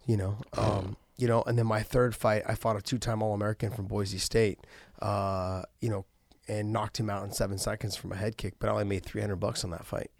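A middle-aged man with a low, gravelly voice talks in a casual podcast, earnest and halting, restarting his sentences often. The sound is close and dry, with no room echo. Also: level tone, darkish tone. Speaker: podcast host and former fighter.

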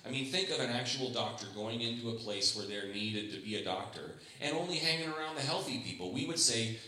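A man's voice: medium pitch, animated, brisk, few pauses, bright, forceful tone. Chatty male pastor in echoey church. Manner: conversational, humorous, acts out quoted voices. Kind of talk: sermon. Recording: echoey room.

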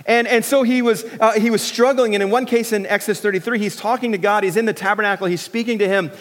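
A middle-aged pastor preaching a sermon in a relaxed, joking way, with many restarts and fillers. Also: male voice, high voice, fast, big-room sound.

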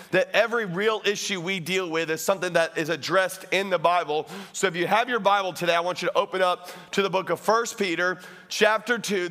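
High-voiced, bright preaching pastor. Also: male voice. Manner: energetic and playful, breaks into loud comic shouts; addresses the congregation directly. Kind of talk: sermon.

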